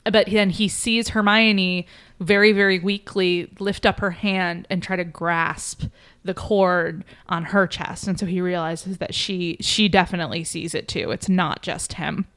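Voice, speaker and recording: A woman podcast host retelling a story in a casual, animated way, with lots of fillers. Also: on the low side, a little slow.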